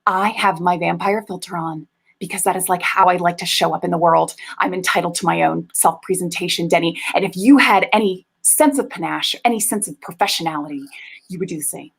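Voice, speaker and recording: A woman's voice: on the low side, brisk, creaky, breathy edge, poor audio. A woman playing a pompous biotech boss. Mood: haughty. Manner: pompous, condescending, corporate jargon. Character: bossy female biotech executive, pompous and dismissive. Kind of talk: improvised comedy scene.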